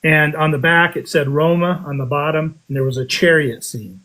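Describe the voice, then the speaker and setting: A man casually telling a story on a podcast, animated, with his voice jumping up high when he quotes himself. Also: normal speed, low-quality recording. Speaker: podcast guest telling a metal detecting story.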